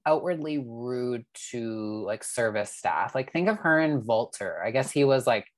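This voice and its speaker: A woman's voice: extremely low pitch, expressive, a little slow. A woman in casual gossipy chat, chatty and joking. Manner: chatty, gossipy, does mocking impressions.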